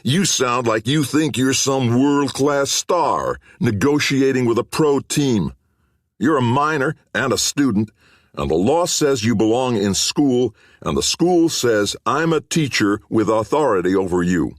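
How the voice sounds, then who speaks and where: Narrator guy doing a gruff bully coach, husky, snapping at a kid. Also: low-pitched, sing-song, normal speed, no room sound, studio quality, heavily acted. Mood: scornful. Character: bullying middle-aged male coach and teacher.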